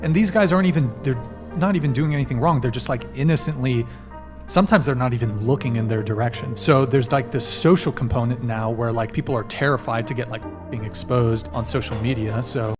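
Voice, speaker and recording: A man's voice: mid-range voice, brisk. A man speaking frankly in casual chat, with lots of fillers. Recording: music playing behind.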